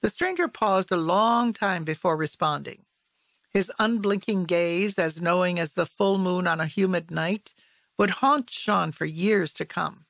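A woman narrating literary fiction as an audiobook, in a measured, even storytelling voice on a close mic. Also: on the low side, gravelly, no room sound.

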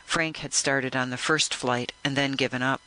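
A man narrating a first-person audiobook in a measured, reflective way. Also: medium pitch, fairly even intonation, sharp tone, rough recording.

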